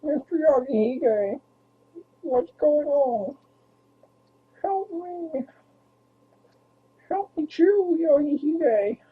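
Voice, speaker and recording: A man's voice: extremely high pitch, very slow, long pauses, voice pushed up, exaggerated voice. A man doing a whiny, froggy-voiced little dachshund. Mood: fretful. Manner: whiny, pleading, nasal. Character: small male dachshund, high nasal froggy puppet voice. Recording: tinny phone-like lo-fi audio.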